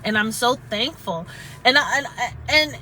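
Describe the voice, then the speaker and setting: A woman chatting earnestly and haltingly about spiritual healing, at times close to tears. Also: a little high, expressive, bright, forceful tone, slight background noise, low-quality recording. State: tearful at moments. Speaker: spiritual vlogger. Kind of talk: emotional casual chat.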